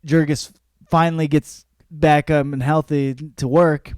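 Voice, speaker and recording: A man's voice: fairly high pitch, level tone, unhurried, clean tone, no echo, clean studio sound. A young man hosting a podcast, giving a casual book review, swearing freely and acting out the characters' lines. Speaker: podcast host.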